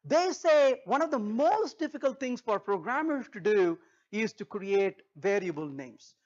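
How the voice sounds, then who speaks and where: A man giving a humorous technical talk at a conference, an animated storyteller who acts out dialogues. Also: high voice, a little slow, dull audio. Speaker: conference speaker. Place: conference stage.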